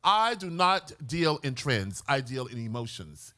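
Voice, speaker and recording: A man's voice: very animated, a little slow, bright, forceful tone. An American man speaking as curator on a museum panel, flamboyant and theatrical in manner. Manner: flamboyant and theatrical, swooping pitch. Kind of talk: lively panel talk. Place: museum event hall with audience.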